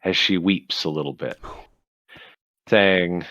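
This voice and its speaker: Slow, deep-voiced male game master. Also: a bit bright, no room sound. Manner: slow, measured narration. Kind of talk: narrating a tabletop game.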